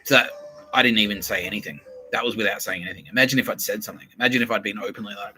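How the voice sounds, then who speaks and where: Bright-voiced man, ranting. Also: fairly low pitch, rapid-fire, slight background noise, low-quality recording. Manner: profane, rambling, restarts mid-sentence. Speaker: podcast host. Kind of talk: casual rambling monologue.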